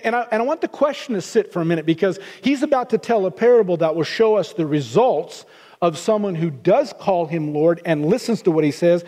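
Middle-aged guy preaching, high mellow voice, earnest, trips over his words, big echoey hall. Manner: earnest, repeats words while restarting. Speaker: pastor. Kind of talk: sermon.

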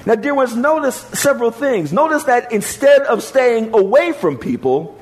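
A pastor delivering a sermon in a high, very animated voice. He preaches with strong emphasis and repeats phrases for effect, swinging from loud calls to quiet, low lines. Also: moderate pace, poor audio.

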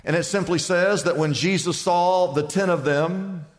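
High-voiced preaching pastor in a hall. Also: male voice, measured pace. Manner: preaching with rising lists and shouted peaks. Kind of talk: sermon. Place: large church sanctuary. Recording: church hall reverb.

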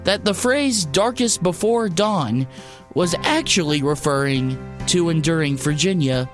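A man reading a mock-dramatic documentary intro in a slow, portentous voice. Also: a little high, animated, soft background music. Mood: mock-solemn. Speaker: intern reading a parody sports documentary intro.

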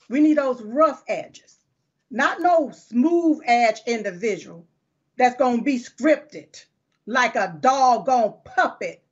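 A woman's voice: high-pitched, husky, highs cut off. Fiery woman talk show host. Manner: fiery, folksy and emphatic, with church-talk idioms. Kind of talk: political talk show monologue and interview.

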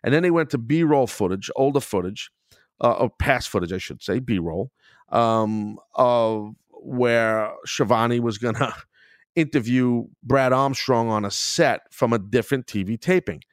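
A middle-aged man hosting his own podcast in casual solo chat, rambling, swearing and getting excited as he goes. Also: medium pitch, measured pace, dry recording, studio quality. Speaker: podcast host.

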